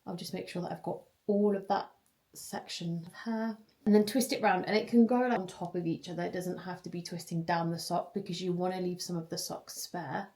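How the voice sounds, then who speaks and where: A young woman chatting casually in a vlog, giggly and quick to get excited. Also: fairly low pitch, echoey room. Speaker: vlogger and personal trainer.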